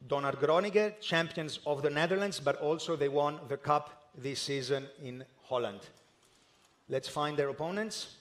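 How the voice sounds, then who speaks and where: A man with a somewhat high voice presents a live draw ceremony indoors. He talks in a formal, methodical way and pauses now and then with a small hesitation. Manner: measured and methodical, with occasional hesitations.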